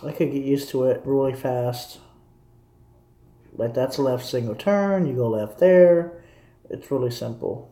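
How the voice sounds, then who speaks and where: A man's voice: medium pitch, moderate pace, mellow, roomy sound. A young man casually rambling to his viewers as a streamer. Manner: rambling, repetitive, talking to viewers. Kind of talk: casual live commentary.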